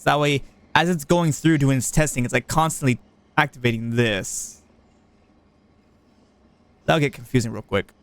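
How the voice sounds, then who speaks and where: On a dry recording, a man with a slightly high voice chats with viewers during a park-building game stream. His talk is casual and playful, full of thinking aloud as he builds.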